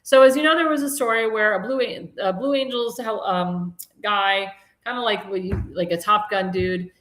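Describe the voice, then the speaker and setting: A woman's voice: mid-range voice, moderate pace, a bit bright. Chatty woman host in an echoey room. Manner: chatty, rambling, with frequent restarts and fillers; mocking and indignant about politics. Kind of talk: live political talk show commentary.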